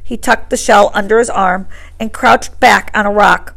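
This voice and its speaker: A woman teacher reading a novel aloud to a class in a classroom, pausing to quiz her students. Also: medium pitch, steady tone, creaky, a bit bright. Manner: reads steadily, breaks off to quiz students.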